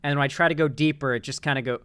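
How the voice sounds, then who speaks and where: A man with a fairly high voice talks straight into a dry, close mic, hosting a loose online commentary show. He rambles and restarts his sentences often, swearing casually as he goes. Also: steady tone, very fast, a bit bright, clear, resonant tone, no echo. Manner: rambling, many restarts and fillers, swears freely. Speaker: political commentary host.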